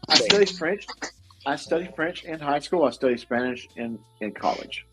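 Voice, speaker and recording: A man's voice: fairly high pitch, lively intonation, normal speed, sharp tone, soft background music, low-quality recording. A middle-aged man with a Southern accent hosting a casual podcast, rambling and laughing often at himself. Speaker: host.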